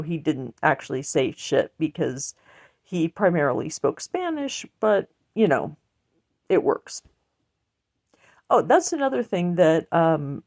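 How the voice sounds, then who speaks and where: A woman's voice: on the low side, darkish tone. A woman giving a blunt, earnest personal monologue that rambles and restarts. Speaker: online commentator.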